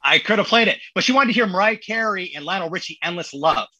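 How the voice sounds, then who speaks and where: A man in his thirties, a podcast guest telling stories in a casual, animated way and acting out the people he quotes. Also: sits high, fast, slightly rough, muffled recording. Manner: animated, acts out quotes in voices. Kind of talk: casual storytelling.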